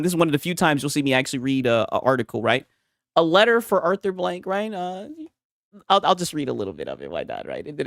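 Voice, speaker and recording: Heated profane male streamer, lively pitch. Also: creaky. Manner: profane, heated, keeps tagging "right?". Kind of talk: casual livestream rant.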